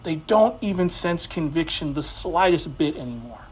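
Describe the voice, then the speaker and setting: A man preaching a sermon as pastor, impassioned, with his voice swinging high and low and quick personal asides. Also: lively intonation, husky.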